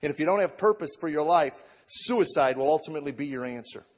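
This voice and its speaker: A middle-aged man, a comedian, tells the story of his faith to an audience, often repeating words at the start of his sentences and moving from a low, subdued tone to shouted excitement. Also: fast talker, big-room sound. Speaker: comedian giving a testimony.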